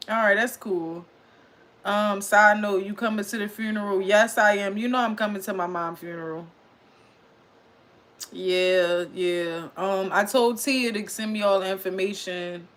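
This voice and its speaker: A woman hosting a casual livestream recap, chatting loudly and excitedly with her chat and reading their comments aloud. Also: medium pitch, unhurried.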